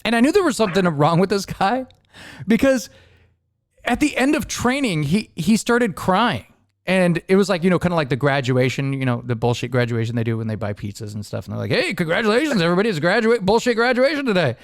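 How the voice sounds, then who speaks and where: A man's voice: on the high side, fairly quick, no room sound, studio quality. A man hosting a podcast, telling stories in casual chat, laughing often and acting out the people in them. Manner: laughing often, animated storytelling with impressions. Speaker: podcast host.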